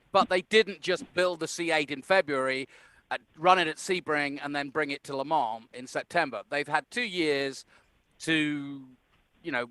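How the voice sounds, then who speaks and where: Bright, high-voiced co-host making quick remarks. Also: male voice, clear, resonant tone, no echo. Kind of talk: casual motorsport chat.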